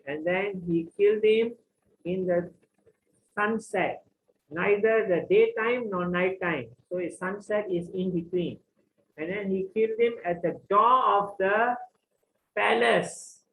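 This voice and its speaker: A man teaching a scripture class, retelling the story in simple, repetitive, halting sentences. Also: sits high, a bit bright, slight background noise. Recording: echoey room with faint ambience.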